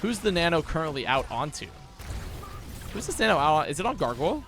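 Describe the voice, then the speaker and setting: A young man giving a casual esports match breakdown, talking fast and excitably, with frequent swearing and restarts. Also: a little high. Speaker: esports analyst.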